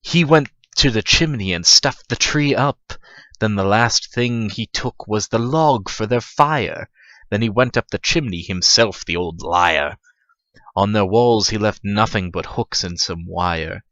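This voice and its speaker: A man's voice: fairly low pitch, lively intonation, a little slow, fairly bright tone, no echo. A man reading a rhyming holiday tale aloud as a profane comic parody, stumbling over lines, in a dull, dry lo-fi recording. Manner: profane, stumbling, laughing at himself. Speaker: reader. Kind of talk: comedic parody read-aloud.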